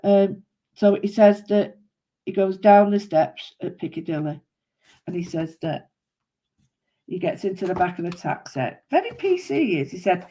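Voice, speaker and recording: A woman's voice: mid-range voice, lively intonation, normal speed, pauses often, mellow. Chatty woman crafting on camera. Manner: chatty, rambling, thinks aloud to viewers. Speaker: craft vlogger. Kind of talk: casual chat while doodling.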